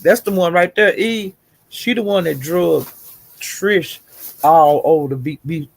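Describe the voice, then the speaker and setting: A man's voice: a little high, measured pace, vocal fry. A man hosting a casual livestream, gossiping and greeting viewers in the chat, calling them honey and child. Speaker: livestream host. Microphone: streaming setup.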